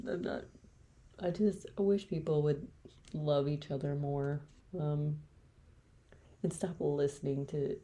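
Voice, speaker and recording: Low gravelly woman ranting bluntly. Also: fairly even intonation, a little slow, dark tone. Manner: blunt, swears freely, ranting with bursts of whispering. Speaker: podcast host. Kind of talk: candid solo podcast monologue.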